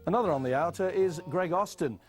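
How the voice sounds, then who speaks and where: A man's voice: high voice, a little fast, soft background music. An older man working as a sports pundit, cheeky and self-mocking in studio banter.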